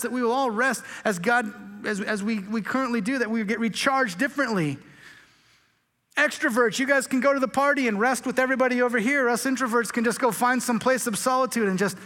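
A man's voice: very high-pitched, moderate pace, pushed and bright. A man preaching a sermon as pastor, joking and casual, stumbling over words and restarting often. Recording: long hall reverb.

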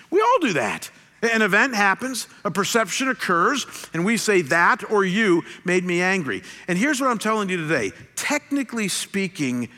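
A middle-aged man preaching a sermon, passionate and animated, with sudden shouted bursts as he tells stories. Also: fairly high pitch. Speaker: pastor. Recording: echoey hall with long reverb.

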